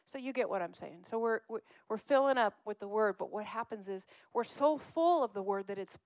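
A woman's voice: mid-range voice, expressive, fairly quick, darkish tone, dry recording. Woman preaching a conversational sermon, dry close sound. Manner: conversational, coaxes the congregation to call out scriptures.

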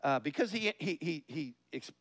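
Male preacher, conversational sermon, animated delivery with questions to the room; a bit high, dry recording. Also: moderate pace, no room sound. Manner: conversational, laughs often, asks the listeners questions; lively, rises in pitch and volume on key points.

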